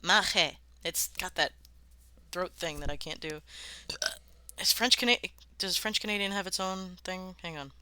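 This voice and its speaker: A woman's voice: fairly low pitch, normal speed, pushed and bright, smooth, no echo. A woman streaming live, chatting casually and swearing freely as she worldbuilds and sounds out words, laughing often.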